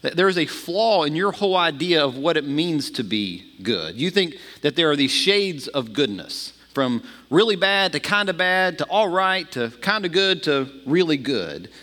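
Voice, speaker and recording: A male pastor delivers a sermon with animated energy, often doubling a word as he begins a thought. His voice sits slightly high for a man. A long reverb hangs on each phrase. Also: moderate pace, few pauses. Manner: animated, repeats words when starting phrases.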